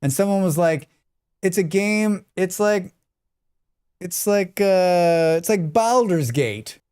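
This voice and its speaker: An American man talks loosely and jokes with viewers as he plays through a live-streamed survival game. His voice sits a bit higher than most men's, and his pitch jumps up when he teases or puts on a bit. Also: a little mellow. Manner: joking, chatty, reads and answers chat. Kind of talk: casual live-stream chat while gaming.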